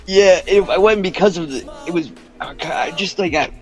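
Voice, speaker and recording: A man who is a guest musician, chatting casually, rambling, swearing often and trailing off into a quiet voice. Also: high-pitched, fairly quick, faint music behind. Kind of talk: casual chat.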